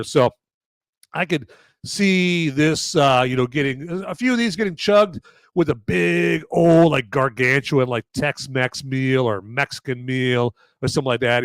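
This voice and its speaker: A man's voice: mid-range voice, smooth, no room sound. A man with a sore throat hosting a casual live show, rambling and joking with lots of fillers and restarts. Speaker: podcast host reviewing beer. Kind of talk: casual live-stream chat.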